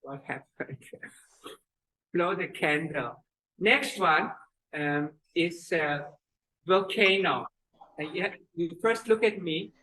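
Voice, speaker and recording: A woman teaching children's breathing exercises and telling a story, with halting speech and fillers. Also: fairly low pitch, bright, forceful tone, poor audio. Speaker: kids yoga teacher.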